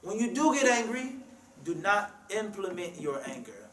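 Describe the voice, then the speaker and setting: A man's voice: high-pitched, sing-song, moderate pace, a bit bright, a little hiss or hum. A man preaching a sermon in a mosque, emphatic and full of rhetorical questions, with Arabic quotes. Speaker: imam giving a talk. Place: mosque hall. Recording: roomy hall sound from a distance.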